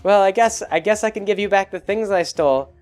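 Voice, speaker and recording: A man's voice: high-pitched, a little fast, darkish tone, soft background music, voice pushed up, lightly acted. A man voicing a panicky, groveling male pixie king who begs and pleads in a raised voice. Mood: sheepish. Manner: pleading, frantic, laughing nervously.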